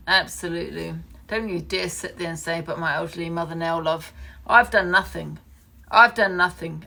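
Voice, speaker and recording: Angry woman with gravelly voice. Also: lowish voice, pushed and bright. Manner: angry, swearing, repeating accusations. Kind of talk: heated live-stream rant.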